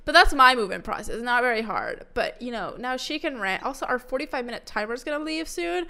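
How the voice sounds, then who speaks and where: A young woman co-hosting a podcast, giving breezy, quick summaries in casual chat with some teasing. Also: on the high side, animated, gravelly, pushed and bright. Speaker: podcast co-host.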